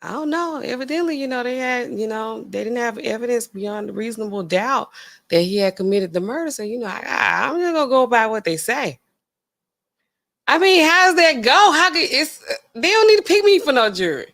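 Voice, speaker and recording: A woman pharmacist hosting a casual livestream, chatting in a slangy, animated way, reading out viewer comments and laughing often. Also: fairly quick, creaky. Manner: animated and chatty, slangy, swings between low asides and high exclaims; laughs often mid-sentence.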